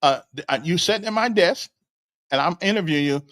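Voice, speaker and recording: An older man hosts a casual livestream, talking fast in a slightly high, somewhat bright voice with lively intonation. His story rambles along with stammers, repeated words and frequent chuckles, and he speaks straight to a listener.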